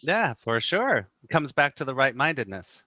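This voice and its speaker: Brief: middle-aged male guest, crisp bright tone, dry close sound, lively storyteller. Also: medium pitch, moderate pace, no echo. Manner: animated storyteller, acts out quoted voices, many "you know"s. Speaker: guest, spiritual teacher. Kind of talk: casual podcast conversation.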